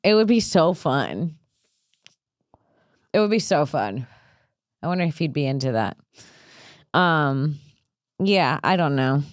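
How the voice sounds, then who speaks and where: A woman's voice: low voice, expressive, slow pace, long pauses, no room sound, clean studio sound. A woman comedian hosting a casual podcast, brash and rambling, often laughing at her own jokes.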